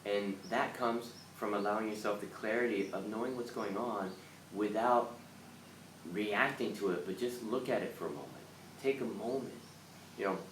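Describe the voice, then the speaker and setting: Guy doing an earnest motivational livestream, animated, kinda far from the mic in an echoey room. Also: lowish voice. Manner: earnest, animated, acts out panicked voices. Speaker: live stream host. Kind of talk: motivational live talk. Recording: roomy, from a distance, faint background noise.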